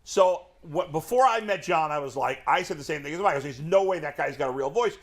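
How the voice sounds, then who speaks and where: Man host with a raised pitch. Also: expressive, fast, a loud crowd. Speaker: sports show host. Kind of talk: casual panel chat.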